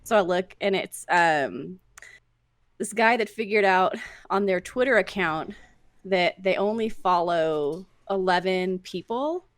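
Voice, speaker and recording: A woman's voice: fairly low pitch, slow, no echo. A woman co-hosting a podcast in casual chat, giggly and rambling with lots of likes. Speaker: podcast co-host.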